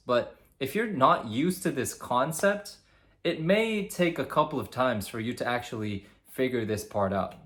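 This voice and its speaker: A young man speaking straight to camera as a communication coach, with lively, demonstrative explaining. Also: mid-range voice. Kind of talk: instructional talk to camera.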